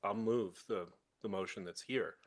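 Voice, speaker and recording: A man, a board trustee, raises questions about meeting procedure in a halting way at a public meeting. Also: on the low side. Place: city board meeting room.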